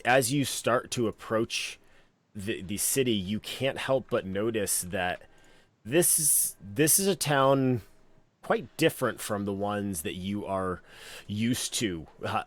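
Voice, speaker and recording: Low-voiced man running a tabletop game. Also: dry recording. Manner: relaxed, meandering narration with many fillers. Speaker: game master.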